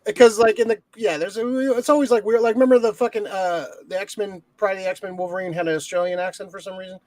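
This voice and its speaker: High-voiced casual male podcast host. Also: fairly even intonation, quick pace, a little mellow. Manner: rambling, filler-heavy, swears casually. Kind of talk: casual chat.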